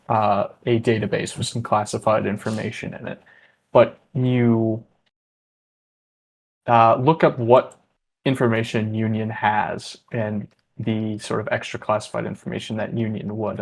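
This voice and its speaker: A man narrating a tabletop role-playing game as game master, casual and loose with fillers. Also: lowish voice.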